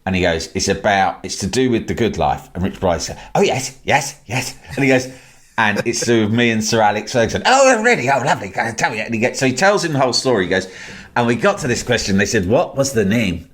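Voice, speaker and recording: A man's voice: on the low side, quick pace. Man telling a sweary anecdote. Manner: animated, swears freely, lively quoted voices. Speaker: storyteller in a chat.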